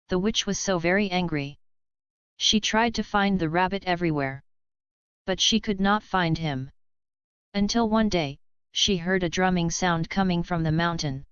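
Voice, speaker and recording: A woman narrating a bedtime story in a plain, even storytelling manner, in a dull lo-fi recording. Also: on the low side, clear, resonant tone, dry recording.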